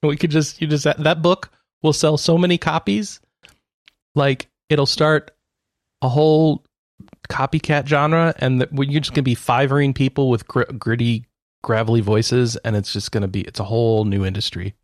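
A man's voice: medium pitch, steady tone, moderate pace, no room sound, clean studio sound. A man co-hosting a podcast, chatting casually about games, rambling and cutting himself off, often laughing. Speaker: podcast co-host. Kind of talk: casual gaming chat.

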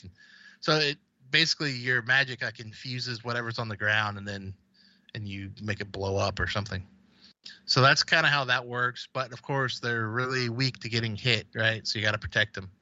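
Bright-voiced man rambling about games. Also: lowish voice, dry recording, highs cut off. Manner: rambling, with many fillers and restarts. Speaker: podcast co-host. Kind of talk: casual chat about video games.

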